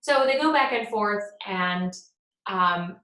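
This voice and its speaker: A woman's voice: mid-range voice, animated, slow pace, pushed and bright. A woman teacher giving a conversational lecture, retelling a play and reading its lines plainly between explanations. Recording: echoey room.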